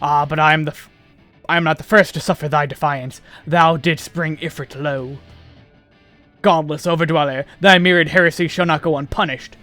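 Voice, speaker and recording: A man's voice: a little high, steady tone, moderate pace, bright, forceful tone, soft background music, voice pushed down. A man doing a wrathful ancient earth god. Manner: solemn archaic declaiming.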